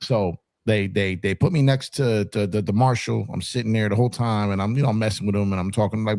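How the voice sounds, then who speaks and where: A man telling a profane, animated story in casual podcast talk. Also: on the low side, a little fast, few pauses, dry recording, studio quality. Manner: animated, profane, acts out quotes. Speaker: podcast co-host.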